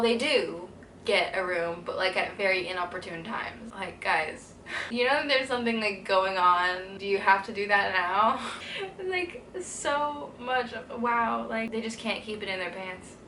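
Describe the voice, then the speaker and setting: Bright, giggly young woman vlogging. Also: mid-range voice, reverberant, a little hiss or hum, rough recording. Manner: chatty, giggly, lots of "like" fillers. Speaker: reading vlogger. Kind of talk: casual chat to camera. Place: indoors during a stay abroad.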